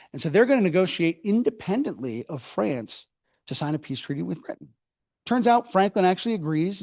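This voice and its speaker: An author presents a public history lecture at a university hall, spinning it like an energetic storyteller and ridiculing people in brief asides. His slightly high voice moves through a wide pitch range.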